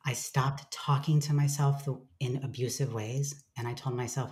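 A woman's voice: extremely low pitch, fairly even intonation, moderate pace, hardly any pauses, darkish tone. A woman speaking as a guest in a candid, reflective conversation, swearing casually and acting out her own inner voice.

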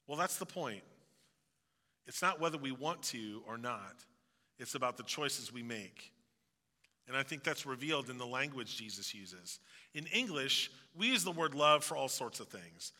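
A man's voice: mid-range voice, very animated, normal speed, pushed and bright, big-room sound. A male pastor giving a sermon, earnest and preaching, with jokey asides.

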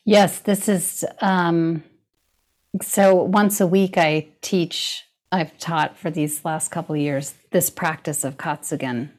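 A woman's voice: on the low side, fairly even intonation, slow, darkish tone. A middle-aged woman in casual conversation, speaking thoughtfully and laughing easily. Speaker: guest.

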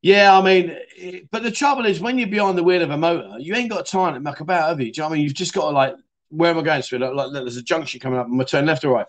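A middle-aged Englishman hosts a relaxed livestream, chatting in a matey, easygoing way as he answers viewers. His voice sits a little high for a man. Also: rapid-fire, hardly any pauses. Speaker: livestream host. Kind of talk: casual livestream chat.

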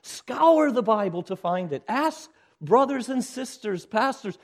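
A man preaching from the pulpit, his voice sitting high for a man. He pleads and urges, climbing to loud calls and then sinking to near-hushed phrases. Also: expressive, measured pace. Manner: urgent preaching, swinging from loud exhortation to hushed lines. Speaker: pastor. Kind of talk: sermon.

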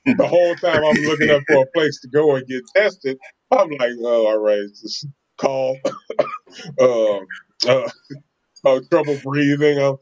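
Animated man telling a story. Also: a little high, measured pace, long pauses. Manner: animated, laughs often, acts out quotes. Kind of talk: casual storytelling chat. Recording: slightly dull lo-fi sound.

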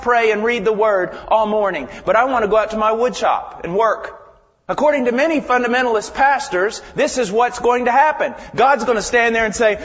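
A man preaching a sermon with intensity, swinging from loud pleading to hushed whispers and repeating phrases for emphasis. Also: high voice, normal speed, husky. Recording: dull lo-fi sound with long hall reverb.

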